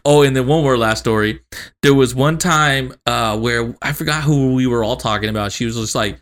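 Young dude cohosting a podcast, rambling funny stories, swears a lot, laughs easy. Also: male voice, medium pitch, normal speed, fairly bright tone. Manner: laughs often, swears, loose storytelling with acted quotes. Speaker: podcast co-host. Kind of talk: casual chat.

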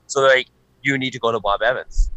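A Canadian man co-hosting a podcast, telling animated stories in casual chat and swearing often. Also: mid-range voice, quick pace, poor audio. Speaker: podcast co-host.

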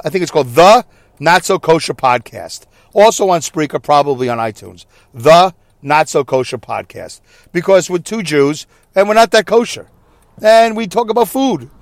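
A man's voice: a little high, no room sound. A man hosting a casual solo podcast from his parked car, rambling and poking fun at himself. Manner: rambling, self-mocking, chatty. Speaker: podcast host.

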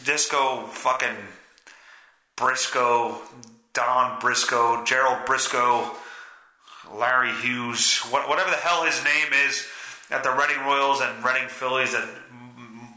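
Stuffy-nosed male podcast host, bright voice, swearing and self-mocking. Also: mid-range voice, roomy sound. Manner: profane, self-deprecating, rambling. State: stuffy nose. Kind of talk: casual rambling monologue.

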